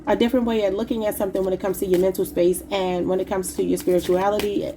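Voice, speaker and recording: A woman's voice: medium pitch, little pitch movement, fast, background noise. A woman giving a casual tarot reading, talking informally to her viewers and calling them y'all. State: slightly sick and emotional. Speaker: tarot reader.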